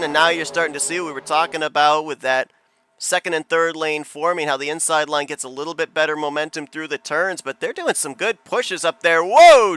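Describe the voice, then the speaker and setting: Bright-voiced male race commentator. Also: on the high side, clean tone. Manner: chatty, quick play-by-play with bursts of excitement. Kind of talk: sim racing broadcast commentary.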